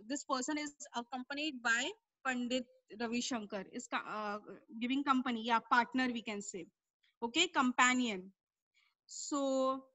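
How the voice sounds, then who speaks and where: High, bright-voiced teacher. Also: female voice, dry recording, rough recording. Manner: explains word meanings patiently, repeating herself. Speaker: English teacher. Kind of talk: online class lesson explaining a story.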